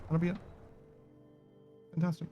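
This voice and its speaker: A man's voice: on the high side, monotone, unhurried, dark tone, highs cut off, faint music behind. A man giving casual, profane, sarcastic commentary while playing a video game. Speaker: gaming streamer.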